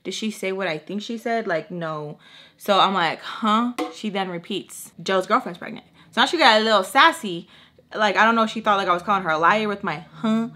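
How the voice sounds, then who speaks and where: Sassy, bright-voiced young woman. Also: mid-range voice, a little fast. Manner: sassy, animated, acts out quoted dialogue. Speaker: beauty vlogger. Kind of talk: casual storytime vlog.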